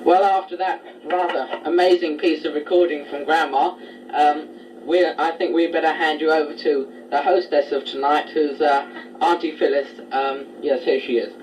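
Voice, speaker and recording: Guy hosting a family tape letter, mellow voice, lots of ums, mic sitting far off. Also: on the high side, fairly even intonation, moderate pace, a little hiss or hum. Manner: chatty, filler-heavy, gently formal. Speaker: family member presenting a taped letter. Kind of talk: casual spoken letter on tape. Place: a family home. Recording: distant home tape recording.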